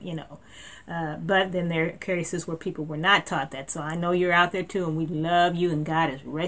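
Lower-voiced woman preaching. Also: moderate pace. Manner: earnest, repeats words, rising emphasis; reads scripture aloud. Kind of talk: sermon.

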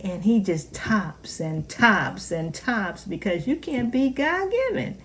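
A middle-aged woman minister preaching a sermon with fervor, swinging from loud exclamations to hushed whispers. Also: mid-range voice, very animated, a little slow, few pauses, breathy edge.

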